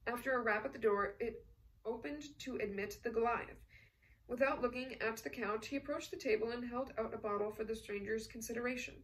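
A woman narrating a novel in a measured, even storytelling manner. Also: a little high, distant mic, poor audio. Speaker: audiobook narrator. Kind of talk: scripted narration.

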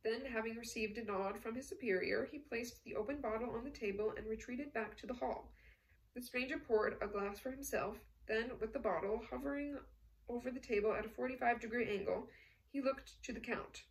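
A woman narrating a novel in a measured, even storytelling manner. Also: a little high, distant mic, rough recording. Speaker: audiobook narrator. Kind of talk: scripted narration.

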